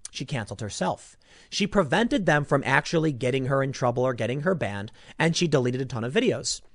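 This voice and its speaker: Animated sarcastic male commentator. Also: mid-range voice, a little fast, no room sound, clean studio sound. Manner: sarcastic, mocking, swings between loud and muttered asides. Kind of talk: opinionated commentary vlog.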